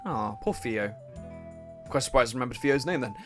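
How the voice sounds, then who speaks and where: A young man giving casual, swearing, laughing commentary on a game he plays, and he keeps clearing his throat. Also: medium pitch, animated, brisk, soft background music. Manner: chatty, swearing, laughs a lot, self-interrupting. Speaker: let's play host.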